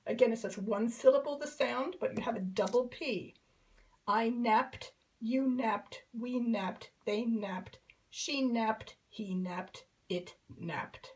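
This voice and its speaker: Brief: female teacher, slightly high voice, unhurried, patient children's lesson tone. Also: a little mellow, rough recording. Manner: patient, repeats each verb form in drills. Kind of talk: slow classroom explanation.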